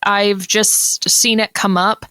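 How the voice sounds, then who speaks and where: A woman's voice: mid-range voice, little pitch movement, slow, sharp tone, clean tone. A young woman co-hosting a podcast in casual chat, playful and giggly, who swears casually. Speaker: podcast co-host. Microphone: podcast mic with pop filter.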